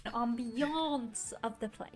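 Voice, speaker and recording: A woman's voice: on the high side, slow pace, over loud music. An Irish woman narrating a playful, upbeat travel vlog in which she rates pubs. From Ireland. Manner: playful, bubbly, with silly rhymes. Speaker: travel vlogger rating pubs.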